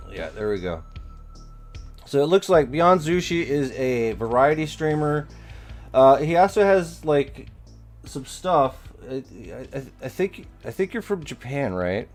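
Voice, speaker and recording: Male streamer host, playful and teasing, unhurried, with faint music underneath. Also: fairly high pitch, sing-song. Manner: playful, teasing, talks while working the stream. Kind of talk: casual live-stream chat.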